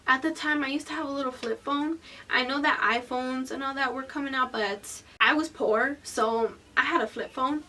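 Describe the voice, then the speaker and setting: Woman, 20s, high-pitched, slightly off-mic, blunt and expressive storytime narration. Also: normal speed, far from the mic. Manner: animated, profane, candid storytelling; swings between loud bursts and hushed whispered asides. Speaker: vlogger. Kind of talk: storytime vlog.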